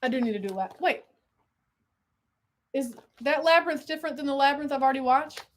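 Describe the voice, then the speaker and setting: A young woman chatting excitedly while hosting a live stream. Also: high voice, brisk. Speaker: livestream host. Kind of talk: casual livestream chat.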